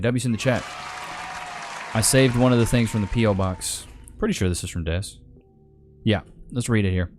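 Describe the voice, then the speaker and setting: This livestream host, using a desk microphone, keeps the chat loose and slangy while reading off names from viewers. His voice is mid-range with a darkish tone.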